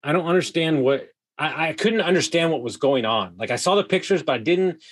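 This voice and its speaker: A man telling a wild story as a podcast guest, animated, swearing freely and full of "like" fillers. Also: on the high side, brisk. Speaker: guest, vacation rental host. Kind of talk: casual storytelling.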